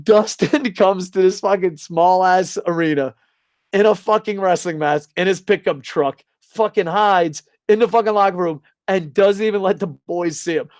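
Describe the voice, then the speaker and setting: A man from New Jersey co-hosting a casual podcast, with a somewhat high voice. He talks in a profane, excitable way and bursts into loud announcer impressions. The sound is dry and close. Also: normal speed, no echo. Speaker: co-host.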